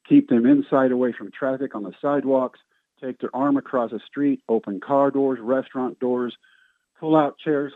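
A middle-aged man, a guest on a radio show, telling stories in a lively, self-mocking way and acting out the voices of the people in them. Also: medium pitch, no room sound. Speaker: guest, former baseball player. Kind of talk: storytelling interview. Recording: tinny phone line, dry.

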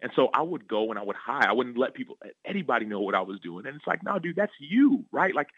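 A man, a former football player turned author, telling personal stories in a radio interview in an earnest, animated way that keeps checking in with "right?". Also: medium pitch, fast, breathy edge, dry recording, lo-fi sound. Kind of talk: interview storytelling. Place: radio studio.

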